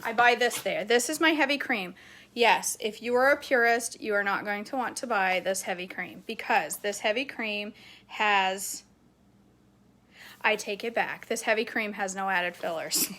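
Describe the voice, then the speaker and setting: Chatty bright-voiced woman, laughing easily. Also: mid-range voice, normal speed. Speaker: vlogger showing grocery haul. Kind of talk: casual chat.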